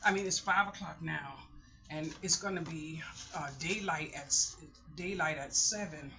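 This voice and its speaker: A middle-aged woman vlogs casually, her low voice moving at a moderate pace with a pushed, bright quality and a little hiss or hum. She's candid and rambling, often interrupting herself to restart sentences, and the lo-fi recording sounds dull.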